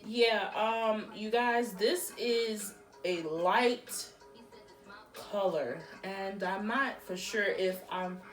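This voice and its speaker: A woman's voice: mid-range voice, very slow, distant mic. A woman, chatting casually through a beauty product unboxing, exclaiming as she reacts. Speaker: beauty vlogger. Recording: roomy echo, a bit off-mic, faint music.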